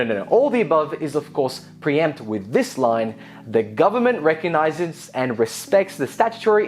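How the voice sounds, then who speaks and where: A woman hosts a scripted tech news rundown, her lowish voice swinging up and down in a lively way. She delivers the headlines with wry, sarcastic asides. Faint music plays behind her.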